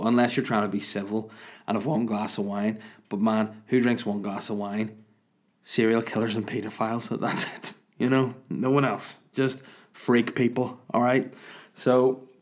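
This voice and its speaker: A man in his thirties with a Northern Irish accent, hungover, telling crude, rambling, animated comic stories. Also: lowish voice. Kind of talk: casual comic storytelling.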